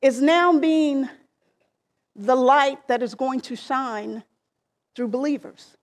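A woman delivers a sermon at an unhurried, measured pace. Her voice sits high, and she stresses key phrases before letting the ends of her lines fall away softly. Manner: slow, deliberate preaching with emphatic rises and soft trailing endings. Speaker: preacher.

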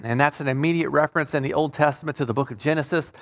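A man's voice: a little high, steady tone, fast talker. A man leading an informal Bible study, reading King James scripture aloud and explaining it with frequent restarts and repeated words. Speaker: Bible teacher.

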